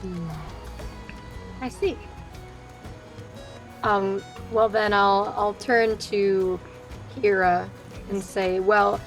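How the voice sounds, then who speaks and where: A woman at a tabletop role-playing game, speaking in a measured, formal way. Her delivery is very slow and deliberate at a middle pitch, with faint music underneath. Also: fairly even intonation, rough recording. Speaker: player.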